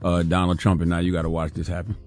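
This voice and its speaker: A male radio co-host chatting casually, musing and joking with halting starts. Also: sits low, completely flat delivery, darkish tone.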